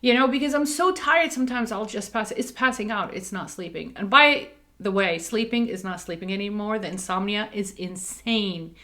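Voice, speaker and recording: A woman's voice: mid-range voice, moderate pace, hardly any pauses, fairly bright tone. A middle-aged woman talking candidly and emphatically to camera, full of "like" and "okay.". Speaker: dental practice staff speaking on camera. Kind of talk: casual personal talk to camera.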